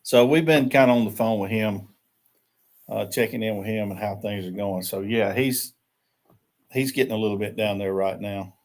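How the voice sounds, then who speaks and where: A man's voice: on the low side, moderate pace, a little mellow. An older man, chatting and joking easily as host of a casual live stream from a rural camp.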